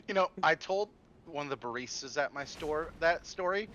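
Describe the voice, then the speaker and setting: A man's voice: on the high side, expressive, moderate pace, a bit bright, muffled recording, slight background noise. A man joking and bantering on a game stream. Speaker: co-player on the stream. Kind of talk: casual banter.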